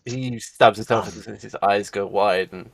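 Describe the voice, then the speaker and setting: A man's voice: fairly low pitch, unhurried, gravelly, no echo. A man, running a tabletop game as game master with matter-of-fact, wry narration.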